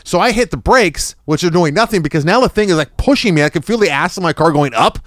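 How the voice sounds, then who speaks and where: A man's voice: high-pitched, expressive, fast, a bit bright, dry recording, studio quality. A man co-hosting a podcast, telling a rambling story in casual chat full of fillers and restarts. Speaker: podcast co-host.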